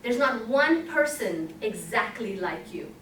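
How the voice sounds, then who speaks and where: A woman's voice: on the high side, animated, takes it slowly, fairly bright tone. A woman giving a motivational talk at a conference, speaking with emphasis and putting questions to the audience. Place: conference room. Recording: echoey hall, voice from a distance, faint hiss.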